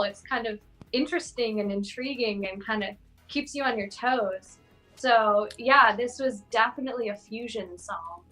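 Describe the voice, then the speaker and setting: A woman's voice: a little high, normal speed. A woman guest on a music panel, talking through a song thoughtfully with many fillers. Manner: thoughtful, animated, filler-heavy. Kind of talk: casual music review chat.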